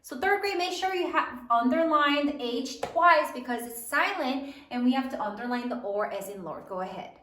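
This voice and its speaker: A woman teacher leading a spelling lesson, slowly sounding out words letter by letter for young pupils. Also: high voice, animated, pushed and bright. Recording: echoey room, mic at a distance.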